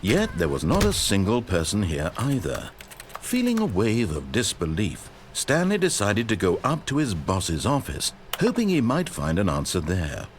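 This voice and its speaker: A man's voice: on the low side, huge pitch swings, moderate pace, background noise. A man voicing a coaxing, manipulative disembodied narrator in a video game, speaking in a grand, theatrical way. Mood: storytelling.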